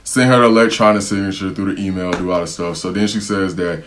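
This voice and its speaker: Deep-voiced young American man storytelling. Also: fast talker, a little hiss or hum. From United States. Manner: animated, slangy, acts out what others said. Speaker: vlogger telling a travel story. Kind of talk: casual storytelling to camera.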